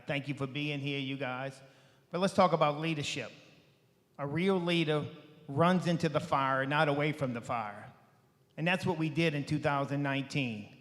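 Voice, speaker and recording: A man gives his closing pitch at a candidates forum. His voice sits a bit high and he drives home short, rousing slogans. The sound rings with the long reverb of an auditorium. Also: fairly bright tone. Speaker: candidate for parish president. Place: school auditorium.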